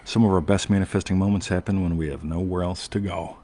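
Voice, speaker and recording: A man's voice: sits low, fairly even intonation, quick pace, mellow. A man hosting a show, telling a long personal story in a rambling casual way and often asking "right?". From United States. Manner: rambling, self-interrupting, frequent "right?". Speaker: podcast host.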